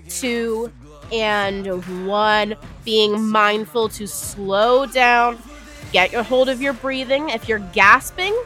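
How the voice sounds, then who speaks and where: A woman's voice: on the high side, sharp tone. A woman coaching a guided treadmill workout with easygoing, playful cues. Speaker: running coach.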